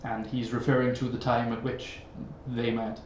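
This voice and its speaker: A man's voice: mid-range voice, level tone, normal speed, a little hiss or hum. A man, casually narrating as game master with many fillers. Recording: echoey room, dull sound.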